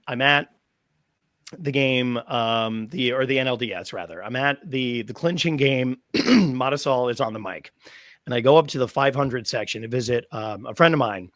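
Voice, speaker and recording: A man in his thirties, a stadium announcer, telling long, animated stories with many fillers as a guest in a podcast interview. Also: mid-range voice, no echo.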